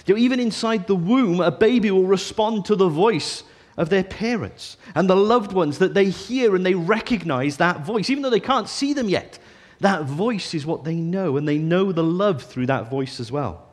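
A man's voice: sits high, lively intonation, moderate pace. A man, a father in his thirties, preaching a sermon to his church in a conversational way with frequent ums. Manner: conversational, warm and self-deprecating, with frequent ums. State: deaf in his left ear this morning.

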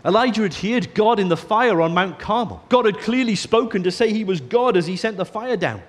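High-voiced man preaching a gentle sermon. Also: lively intonation, a little fast. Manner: earnest, drops to a soft hush on key phrases.

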